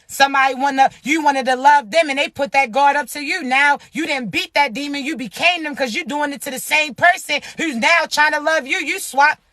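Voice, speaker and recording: Blunt, profane high-voiced spiritual vlogger. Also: fairly quick, hardly any pauses, pushed and bright, no room sound, studio quality. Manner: blunt, profane, emphatic, keeps asking "you understand me?". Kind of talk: casual motivational love talk.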